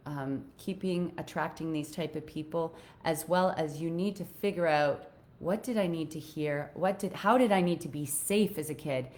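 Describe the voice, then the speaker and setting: Woman, life coach, earnest, casual talk, lowish pitch. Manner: earnest, grows animated while retelling. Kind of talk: casual live video talk.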